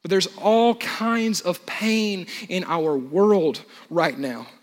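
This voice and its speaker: A young man with a fairly high voice preaches a sermon in a church with a long, ringing reverb. He draws key words out quietly and slowly, then builds to louder, urgent runs. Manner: earnest preaching, drops soft and slow on key words, rises with force. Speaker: pastor.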